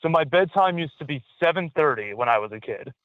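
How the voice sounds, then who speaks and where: Man, Southern American accent, radio caller, easygoing, pleasant, slightly high voice, tinny phone line. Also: lively intonation, fairly quick. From rural US South. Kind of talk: casual call-in chat.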